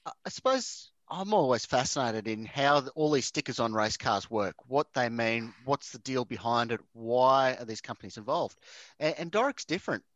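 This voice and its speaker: Co-host guy wondering out loud, dull muffled audio, dry. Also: mid-range voice, animated, normal speed, no room sound. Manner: curious, musing. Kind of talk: casual chat.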